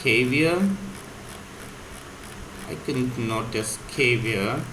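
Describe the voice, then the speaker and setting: Man, vocabulary teacher, slow explanations, echoey room, faint background hum. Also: mid-range voice. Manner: explains words slowly, spells them out. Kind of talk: casual vocabulary lesson.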